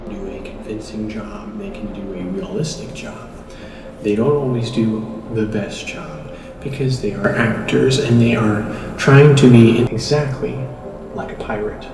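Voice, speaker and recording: A man's voice: fairly low pitch, measured pace. A man hosting a mock-serious comic tutorial, explaining things in a lecturing tone. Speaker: host. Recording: roomy, distant mic with music.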